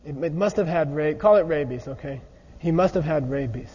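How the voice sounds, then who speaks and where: A man teaching a lively philosophy lecture, acting out examples and constantly checking in with his listeners. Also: fairly high pitch, brisk, breathy edge. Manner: animated, often checks in with 'okay?'. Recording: muffled recording in a large echoey hall.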